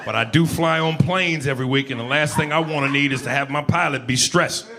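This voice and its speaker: A man doing a profane stand-up comedy set on a club stage, telling loose stories and breaking into loud impressions. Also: fairly high pitch, brisk. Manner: loose, profane storytelling with bursts of shouted impressions. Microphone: handheld stage mic. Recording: live club recording with crowd laughter.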